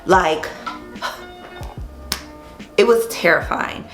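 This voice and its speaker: A woman hair vlogger tells an animated, chatty story while installing a wig and swears casually. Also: on the low side, drawn-out words, echoey room, soft background music.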